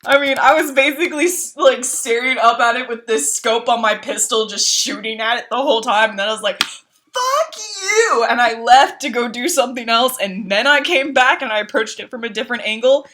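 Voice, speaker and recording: A woman's voice: fairly quick, few pauses. A woman streamer in casual chat, telling game stories with frequent laughs and swearing, acting out her own outbursts. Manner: animated storytelling, laughs often, swears, acts out her own outbursts in a high voice.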